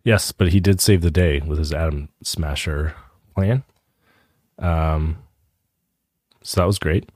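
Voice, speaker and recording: Deep-voiced man hosting a podcast. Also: slow pace, long pauses, darkish tone, dry recording, studio quality. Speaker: podcast host. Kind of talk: casual podcast chat.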